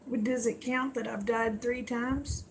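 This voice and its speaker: A woman's voice: fairly high pitch, fairly even intonation, unhurried, creaky, slight background noise. An older woman chatting with viewers on a late-night livestream, folksy and tired. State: tired, yawning. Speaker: livestream host.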